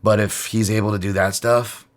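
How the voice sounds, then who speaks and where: A man with a very low voice hosting a solo podcast. He rambles casually, swearing freely and scattering fillers through his sentences. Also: level tone, moderate pace. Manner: rambling and profane, with frequent fillers and laughs. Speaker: podcast host.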